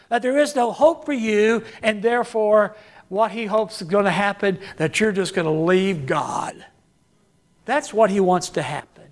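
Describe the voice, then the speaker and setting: Slow, deliberate preacher leading a sermon. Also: medium pitch. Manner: calls on the congregation to repeat lines and answer; repeats key phrases for emphasis.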